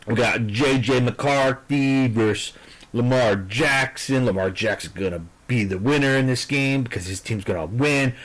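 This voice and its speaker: Giving his football picks in an unhurried, fairly bright voice of ordinary pitch, a vlogger rambles with plenty of fillers, stops and restarts. He's blunt and profane throughout. The recording is rough.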